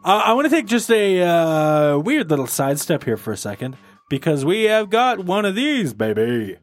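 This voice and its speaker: A man's voice: fairly high pitch, big pitch swings, normal speed, no echo. A man hosting a podcast, casual and joking, often self-mocking and laughing. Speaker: podcast host. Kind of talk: casual chat.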